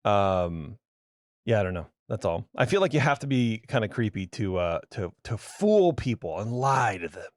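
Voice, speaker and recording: A man's voice: lowish voice, very animated, normal speed, dry recording, studio quality. A man co-hosting a casual podcast, cracking jokes and jumping in with teasing asides. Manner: joking, teasing, interrupts with asides. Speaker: podcast co-host.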